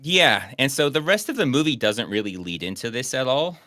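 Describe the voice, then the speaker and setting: A man's voice: mid-range voice, lively intonation, fairly quick, heavy background noise. Laid-back young man hosting a chat. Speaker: podcast host. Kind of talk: casual chat reviewing a movie.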